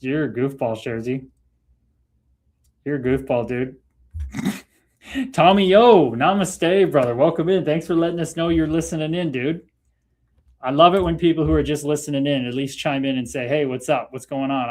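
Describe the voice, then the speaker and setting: A man's voice: medium pitch, moderate pace. A man with a Canadian accent hosting a casual livestream, chatting loosely with viewers and laughing often. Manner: laid-back, chatty, laughs often, talks to viewers by name. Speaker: livestream host. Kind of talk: casual livestream chat reading comments.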